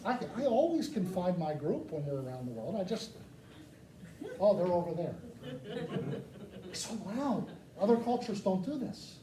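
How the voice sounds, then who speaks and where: A man from the United States giving a lively, joking talk to a live audience, often asking them questions. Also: sits high, moderate pace, hardly any pauses. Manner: animated, joking, asks the crowd questions. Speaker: speaker addressing a live audience. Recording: echoey room, mic far off, faint noise.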